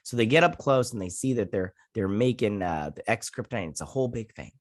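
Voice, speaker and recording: A man's voice: fairly low pitch, animated, fairly quick, dry recording. A man hosting an online show, casually retelling and reviewing a TV episode with lots of fillers, getting heated with opinions. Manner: rambling retelling with many fillers and acted-out quotes. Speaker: host.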